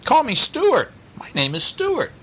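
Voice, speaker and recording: A man's voice: very high voice, huge pitch swings, unhurried, fairly bright tone, husky, pitched above the performer's own voice, heavily acted, low-quality recording. A man voicing a small, polite, earnest mouse boy who talks in a kindly, fussing way.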